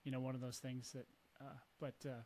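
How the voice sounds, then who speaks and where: A man's voice: mid-range voice, monotone, a little fast. Affirming male podcast host. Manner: warm-reacting, affirming, thinks aloud. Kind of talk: casual interview chat.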